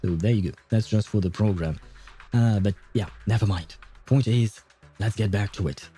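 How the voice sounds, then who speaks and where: A man's voice: fairly low pitch, moderate pace, mellow, slightly rough, faint music behind. A man giving casual, rambling gameplay commentary, often correcting himself and laughing. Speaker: streamer.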